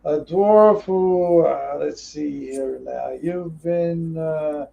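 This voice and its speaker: Man, game master narrating a tabletop game, halting with fillers, higher voice, mellow tone, lo-fi sound. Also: gravelly.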